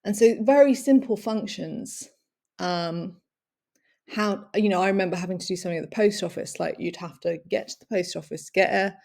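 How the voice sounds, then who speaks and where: A woman's voice: mid-range voice, moderate pace, gravelly, a little mellow. A woman giving a long personal talk, reflective and searching for words, with many fillers and small laughs. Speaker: speaker sharing personal experience.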